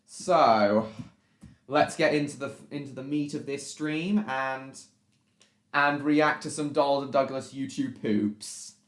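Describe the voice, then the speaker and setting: A man's voice: medium pitch, takes it slowly. A man hosting a casual reaction live stream, rambling and repeating himself as he greets viewers in the chat. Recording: echoey room.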